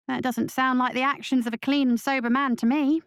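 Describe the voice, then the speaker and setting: A woman's voice: high-pitched, little pitch movement, fairly quick, clear, resonant tone, no echo, voice pushed up. A skeptical wife speaks directly and plainly, read by a woman. She questions her husband in this audio story. The sound is close and dry. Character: doubting wife, sharp and skeptical.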